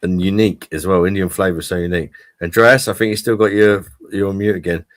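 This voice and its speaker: A man's voice: low-pitched, steady tone, fast, no echo. A man hosting a casual online pub chat, rambling and swearing cheerfully about food. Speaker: livestream pub chat host. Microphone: streaming call mic.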